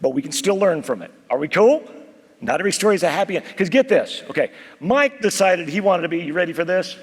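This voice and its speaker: A man giving a motivational keynote, telling stories, calling out to the crowd and dropping to a hush for serious points. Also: high voice, expressive, quick pace, breathy edge, long reverb tail. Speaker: keynote speaker. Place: large conference hall.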